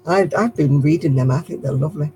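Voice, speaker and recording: A woman's voice: low-pitched, quick pace, mellow, a little hiss or hum, rough recording. A woman with a Lancashire accent hosting a casual live stream while she crochets, chatty and rambling, chuckling at herself. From Lancashire, England.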